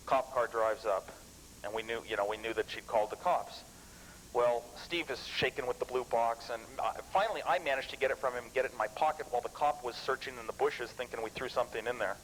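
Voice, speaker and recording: Lively rambling man telling stories. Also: medium pitch, a little fast, slight background noise, poor audio. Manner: lively storyteller, animated and chuckling; rambling with frequent restarts. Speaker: guest speaker at a computer club. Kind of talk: anecdotal talk to a live audience.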